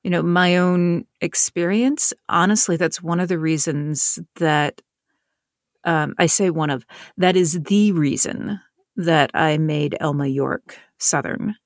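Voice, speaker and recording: A woman from North Carolina talks through her ideas in an interview, often circling back and repeating words as she thinks. Her voice sits a little low. The recording is dry and close. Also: takes it slowly, dry recording. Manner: thoughtful, with frequent restarts and repeated words. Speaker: author and audiobook narrator. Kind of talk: conversational interview.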